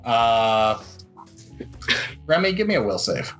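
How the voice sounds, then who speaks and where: A man running a tabletop role-play game as game master, calling for rolls in a calm, measured way. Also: mid-range voice, faint music behind.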